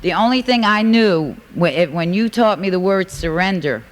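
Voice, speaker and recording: Recorded on a 1980s tape with faint hiss and poor audio, a woman from New York shares her recovery story at a large convention hall. Her fairly low voice is animated and at normal speed, and she rambles warmly, using lots of fillers.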